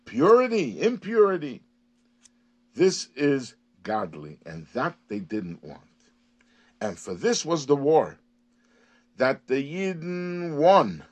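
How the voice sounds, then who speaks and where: Male Torah teacher, expressive and emphatic, slightly higher pitch. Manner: reads a Hebrew or Yiddish phrase, then translates and explains; animated, rising and emphatic on key words. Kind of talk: lesson on a daily Hasidic text.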